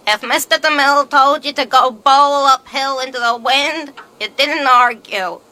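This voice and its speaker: Woman narrator, documentary style, high voice, bright tone. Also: measured pace.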